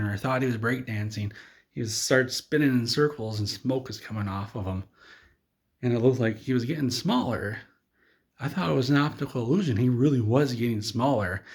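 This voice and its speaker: A man telling an absurd comedic story in a rambling, deadpan way. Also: mid-range voice.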